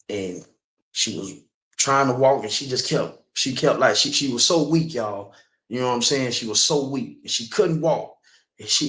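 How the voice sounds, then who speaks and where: A man's voice: medium pitch, a bit bright. Man telling a testimony, echoey. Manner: conversational, keeps asking "you know what I'm saying". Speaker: speaker. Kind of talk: personal testimony sermon.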